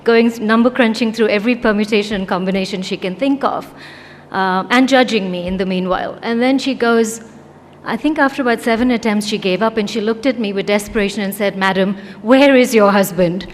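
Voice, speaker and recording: A woman's voice: mid-range voice, brisk. A woman from India, a former lawyer speaking on a conference panel, telling a wry anecdote and acting out the quoted exchanges. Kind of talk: storytelling talk on a panel. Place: conference hall. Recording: echoey hall with faint noise.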